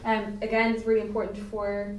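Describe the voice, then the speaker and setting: A woman's voice: medium pitch, completely flat delivery, brisk, a little mellow. Woman in her 20s teaching a class, chatty, lots of "like" and "okay?", echoey room, faint hiss behind. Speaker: French teacher. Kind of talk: classroom lecture.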